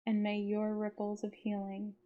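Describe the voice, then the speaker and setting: A woman reading her own audiobook in a gentle, heartfelt, unhurried way. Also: medium pitch, completely flat delivery, phone-quality sound. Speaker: author narrating her own book. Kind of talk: audiobook narration.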